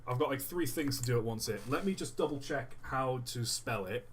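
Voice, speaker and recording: A man's voice: medium pitch, lively intonation, fairly quick, a little hiss or hum. A man streaming live, chatting casually and thinking aloud while he builds a model, often distracted mid-sentence.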